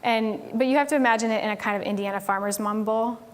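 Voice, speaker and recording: A woman's voice: on the high side, steady tone, fast talker. Woman from tennessee, conference talk, chatty, filler-heavy, on stage. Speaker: conference speaker.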